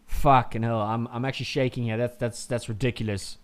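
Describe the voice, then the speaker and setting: A man streaming a live race watchalong, reacting with heated, profane ranting that drops into low muttering. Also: fairly even intonation, brisk, smooth.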